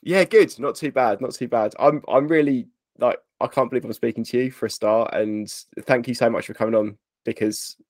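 A man's voice: medium pitch, moderate pace, a little mellow, dry recording, clean studio sound. A man hosting a podcast interview, eager and stumbling over his words. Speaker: podcast host. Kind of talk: casual interview chat.

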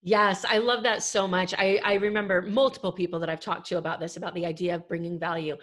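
A woman's voice: lowish voice, flat delivery, fast talker. A woman hosting a podcast who interviews her guest in an enthusiastic, affirming way. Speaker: podcast host.

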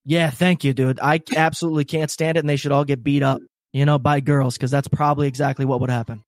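A man co-hosting a casual comedy podcast, talking in an animated, profane way and laughing often. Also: mid-range voice, fast, dry recording, studio quality. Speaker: podcast co-host.

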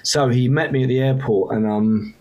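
A man's voice: medium pitch, steady tone, normal speed, mellow, lo-fi sound. A man, a musician guest, frankly recounting a hard time in an emotional, casually profane way. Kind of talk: candid storytelling.

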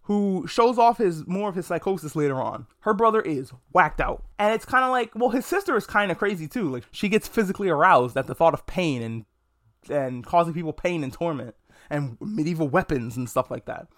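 On his podcast mic, a man runs a laid-back anime review show by himself, joking around and speaking bluntly with plenty of profanity. His voice is fairly high and a bit bright, with animated intonation and a fairly quick pace.

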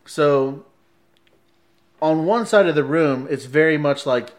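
A man in a casual chat, telling a story in an animated way, laughing often and acting out quoted lines. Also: a little high, slow, long pauses.

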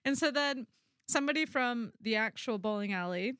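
A woman's voice: a little high, moderate pace, smooth, no room sound, clean studio sound. A young woman co-hosting a casual chat, telling a story with lots of energy, acting out what people said and swearing freely. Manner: animated storyteller, acts out quoted voices, swears freely. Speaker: podcast co-host.

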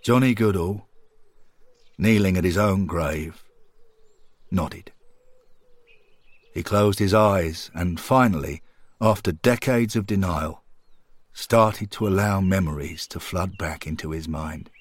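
A man narrating a scripted story in a calm, measured, earnest way. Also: deep voice, no room sound. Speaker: podcast storyteller.

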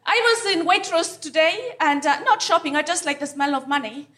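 A woman from Africa works a live stand-up crowd in a high voice that leaps all over the place. Her delivery is punchy and teasing, with pauses for laughs, and the live room carries clear audience noise. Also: lively intonation. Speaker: stand-up comedian. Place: comedy venue stage before a live audience.

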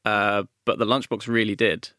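A man co-hosting a film podcast, casual and joking with quick asides. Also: lowish voice, little pitch movement, sharp tone, no echo, clean studio sound. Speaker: podcast co-host. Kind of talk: casual chat.

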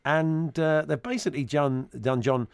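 A man's voice: fairly high pitch, normal speed, clear, resonant tone, no echo. A man hosting a casual chat, teasing his co-host with jokey banter.

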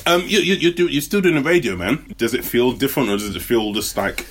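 A man's voice: medium pitch, fairly quick, a bit bright, a little hiss or hum. A man hosting a casual call chat, playful and encouraging.

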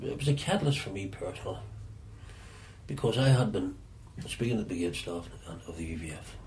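A Northern Irish man with a very low voice recalls his past in an unhurried interview. He often halts and repeats words as he feels his way. Faint noise sits under his speech. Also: animated, darkish tone. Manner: halting, repeats words as he searches for them. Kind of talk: reflective storytelling.

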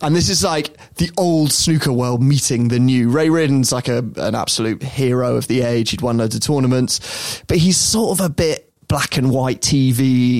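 Chatty, jokey male podcast host. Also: medium pitch. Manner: jokey, chatty, laughs often. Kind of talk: casual chat.

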